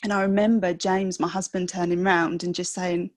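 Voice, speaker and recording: Gravelly-voiced woman telling her story. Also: medium pitch, fairly even intonation, no room sound. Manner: halting, emotional, with many restarts. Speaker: podcast guest, mother of a sick child. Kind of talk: personal storytelling in a podcast interview.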